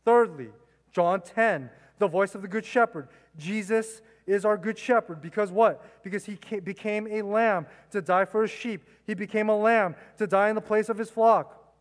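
High-voiced man preaching in a church. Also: normal speed, big-room sound. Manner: emphatic preaching, repeating phrases and asking rhetorical questions. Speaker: pastor. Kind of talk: sermon. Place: church sanctuary. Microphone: mic.

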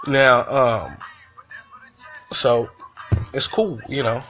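Gravelly man venting casually. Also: medium pitch, expressive, moderate pace, a bit bright, soft background music. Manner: profane, conversational, loose storytelling. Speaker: podcast host.

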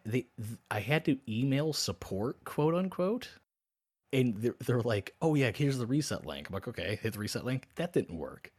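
His medium-pitched voice is slightly rough. Co-hosting a podcast, he tells a story casually, full of profanity, animatedly performing both halves of a conversation.

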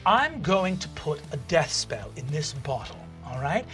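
A man's voice: fairly high pitch, big pitch swings, a little slow, music in the background, voice pushed down. A man voicing a brash, party-loving young sorceress who talks in crude taunts. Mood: taunting.

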